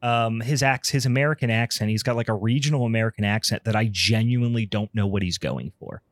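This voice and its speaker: A man's voice: fairly low pitch, fast talker, no echo. A man hosting a podcast in casual chat, rambling and profane with frequent ums. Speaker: podcast host.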